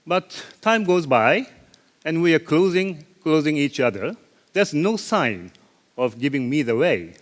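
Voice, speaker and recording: A man, a ship's captain telling a story in a conference speech, animated, with sound effects and self-deprecating asides. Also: fairly high pitch, measured pace. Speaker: ship captain giving a conference talk. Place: large conference hall. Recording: long reverb of a large hall.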